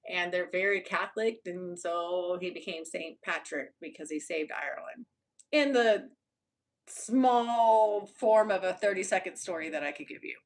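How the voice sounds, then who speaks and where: A woman's voice: on the low side, measured pace. A young Texan woman chatting casually with viewers on a live stream, blunt and loose, swearing and laughing often. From Texas. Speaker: YouTuber.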